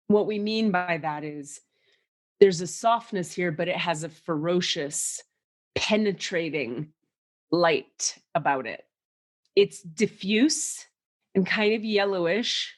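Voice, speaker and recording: A woman hosting a casual spiritual podcast who channels and describes energies, animated and quick to swear. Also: lowish voice. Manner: animated, swears freely, acts out voices and sounds. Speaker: psychic channeler and podcast host.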